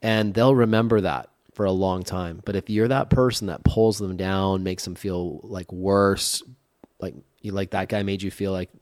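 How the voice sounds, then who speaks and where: In a podcast studio with no echo, a man in his forties co-hosts a show, chatting casually and leaning heavily on "like." His voice is deep and darkish, with fairly even intonation at a moderate pace.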